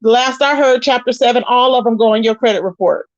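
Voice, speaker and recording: Speaking fast in a voice on the high side, a woman gives casual live-stream commentary and reads chat aloud in a sassy tone. She calls viewers "honey" and "child," and the recording is dry, dull, and lo-fi.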